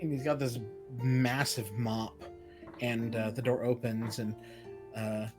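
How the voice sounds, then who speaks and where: A man chats at a tabletop game, amused and a bit hesitant. His voice sits at a middle pitch. Clear guitar music plays behind him. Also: flat delivery, slow. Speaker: game player. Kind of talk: casual game table chat.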